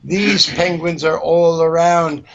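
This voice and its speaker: A man's voice: on the high side, fairly even intonation, takes it slowly, gravelly, highs cut off. A man hosting a mock-serious comedy news show, rambling and stammering as he improvises.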